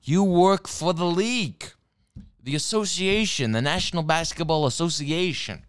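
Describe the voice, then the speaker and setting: A man's voice: fairly high pitch, normal speed, clean tone. A man delivering a rambling, profane sports rant, restarting sentences and sipping whiskey as he talks. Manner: rambling, heavy swearing, frequent restarts; sipping whiskey while talking.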